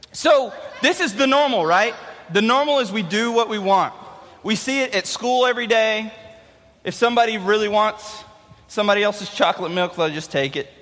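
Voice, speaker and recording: Thirties male youth pastor, high bright voice, lively sermon delivery. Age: 30s. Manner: animated storytelling. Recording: long hall reverb.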